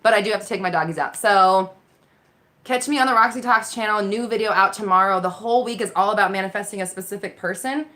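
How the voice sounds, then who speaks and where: A woman's voice: mid-range voice, fast talker, a bit bright. A woman hosting a live Q&A as a mindset coach, chatting casually into her phone, reacting to viewer comments with frequent laughter and casual swearing. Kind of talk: casual live-stream chat.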